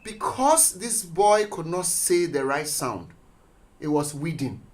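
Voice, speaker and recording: Speaking slowly in a slightly high voice, a man who teaches is a guest on a radio show. He recounts stories from school in the studio, animatedly acting out what people said.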